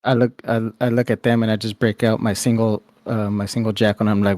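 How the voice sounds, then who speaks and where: Low blunt male player, dry mic. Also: level tone, a little fast, a little mellow, dry recording. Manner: blunt and profane. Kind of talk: playing a tabletop game.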